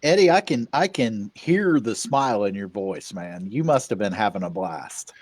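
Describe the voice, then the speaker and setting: A man co-hosting post-race interviews, lively and joking. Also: on the low side, moderate pace, breathy edge, no echo. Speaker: co-host. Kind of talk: casual commentary.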